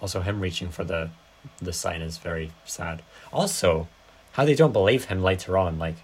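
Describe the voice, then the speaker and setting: A woman's voice: very deep voice, moderate pace, a little mellow, breathy edge. A young woman co-hosting a podcast, talking about films in a laid-back way with short agreements and casual swearing. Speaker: podcast co-host. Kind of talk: casual film-review chat.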